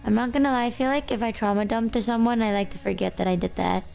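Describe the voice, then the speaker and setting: A woman's voice: on the high side, steady tone, fast, vocal fry, darkish tone, faint music behind. A woman streaming, chatting casually in a breezy, matter-of-fact way with frequent giggles. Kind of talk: casual chat.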